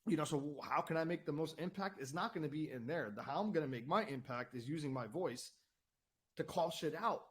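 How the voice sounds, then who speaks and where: On his own channel, a host rants heatedly about politics, swearing often, repeating words and asking "right?" over and over. His male voice sits a little high and is expressive, with a fairly bright tone and a slightly fast pace.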